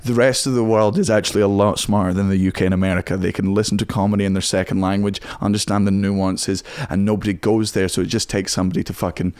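A Scottish comedian talking casually as a podcast guest, swearing constantly and speaking in emphatic bursts. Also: male voice, on the low side, flat delivery, quick pace, hardly any pauses, darkish tone, clear, resonant tone, dry recording, clean studio sound. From Scotland.

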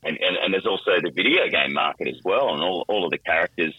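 A middle-aged voice actor in a casual interview, talking animatedly with lots of restarts. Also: male voice, low voice, animated, quick pace, husky, no echo, highs cut off. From Australia. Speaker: voice actor and guest.

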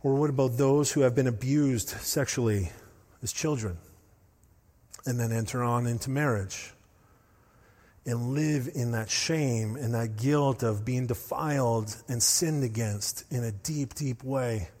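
A man preaching a sermon as pastor, telling stories with animated, rising intensity. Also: mid-range voice, measured pace. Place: church hall. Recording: long hall reverb.

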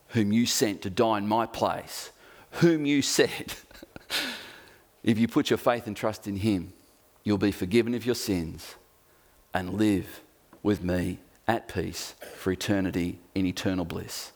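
A man preaching a sermon, earnest and emphatic, repeating key phrases and slowing down to read scripture. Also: on the low side. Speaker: pastor.

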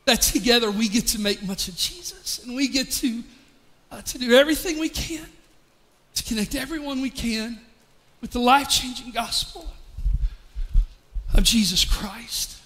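A man's voice: very high-pitched, normal speed, long pauses, sharp tone, in a large hall. A man, a pastor delivering a heartfelt, emotional sermon to his church. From East Tennessee, US. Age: 40s. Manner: emotional, heartfelt, with frequent restarts. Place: large church hall.

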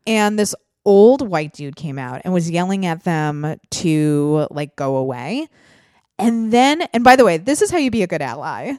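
A woman's voice: fairly low pitch, lively intonation, a little slow, darkish tone, dry recording. Chatty woman podcast host, dry sound. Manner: chatty, laughs often, lots of fillers. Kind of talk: casual chat.

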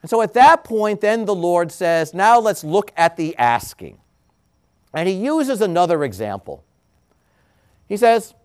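A priest giving a homily in a slow, deliberate preaching style, rising to emphatic highs and dropping to hushed endings. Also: male voice, sing-song, smooth.

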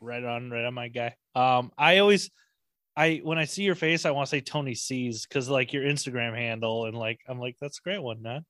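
A man's voice: medium pitch, normal speed, fairly bright tone, no echo, clean studio sound. A young man hosting a podcast, talking in a casual, rambling and enthusiastic way, swearing often. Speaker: podcast host. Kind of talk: casual chat.

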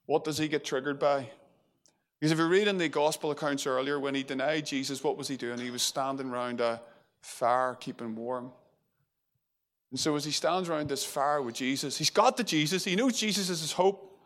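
A man's voice: on the high side, moderate pace, a bit bright. A man preaching a sermon in a conversational way, full of fillers and restarts. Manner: conversational, with many fillers and restarts, acting out quotes.

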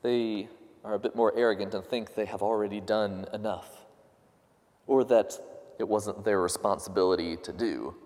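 A man's voice: lowish voice, moderate pace, a little mellow, big-room sound. A man preaching a sermon, earnest and questioning, lifting his voice when he quotes others. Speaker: pastor.

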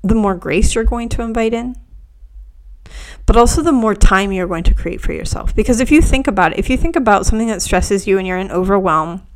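A woman hosting a reflective spiritual podcast, talking softly and unhurriedly, often dropping to near whispers. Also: mid-range voice, a little fast. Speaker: podcast host.

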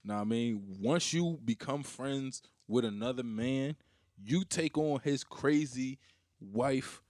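A man's voice: medium pitch, slow, darkish tone, no echo, clean studio sound. A young man, a comedian, chatting crudely and jokingly on a podcast, drawling his points. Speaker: comedian guest. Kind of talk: casual podcast chat.

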